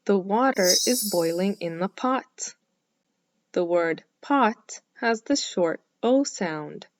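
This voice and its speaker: Very slow, clearly spoken woman teacher. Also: mid-range voice, expressive, no room sound, studio quality. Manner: encouraging and praising, sounds stretched out. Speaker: kindergarten phonics teacher. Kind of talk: slow, clearly enunciated lesson for young children.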